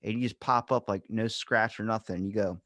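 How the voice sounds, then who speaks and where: A man in casual podcast chat, rambling and animated, acting out quotes as he retells stories. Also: lowish voice, no echo, studio quality.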